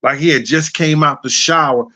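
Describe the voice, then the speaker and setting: A man's voice: on the high side, normal speed, pushed and bright. A middle-aged man hosting a show, telling casual anecdotes in a loose, repetitive, chuckling way. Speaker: host. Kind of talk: casual storytelling.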